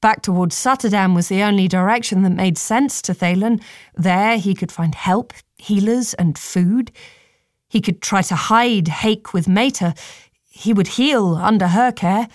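A woman reads a fantasy story aloud in a measured, steady way. Her voice sits at a middle pitch and sounds close and dry, with no room around it. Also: dry recording. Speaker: narrator. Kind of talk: audiobook narration.

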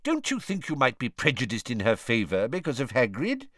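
Male reader putting on a blustering official, pompous and indignant, voice pitched high and animated. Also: fairly quick, no room sound, clean studio sound. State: embarrassed at times. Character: blustering middle-aged male government minister.

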